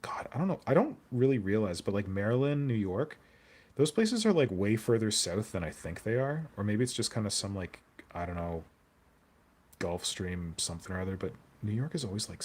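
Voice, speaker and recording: A man's voice: lowish voice, expressive, moderate pace, a little mellow, husky. A man chatting casually on a hobby live stream, rambling and joking as he answers viewer comments. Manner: rambling, jokey, answers viewer chat aloud.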